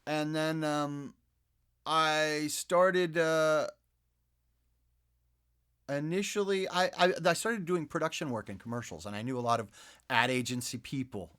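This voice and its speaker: Man telling animated anecdotes in studio. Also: fairly high pitch, measured pace, pauses often, clear, resonant tone. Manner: animated anecdotes, many fillers and restarts. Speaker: guest voice actor. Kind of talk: casual interview storytelling. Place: podcast studio.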